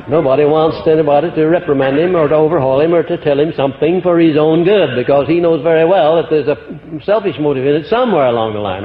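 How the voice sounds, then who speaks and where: A man from the United States giving a motivational lecture to a live audience, emphatic, swinging his pitch and loudness. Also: a little hiss or hum. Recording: dull old archival tape in echoey hall.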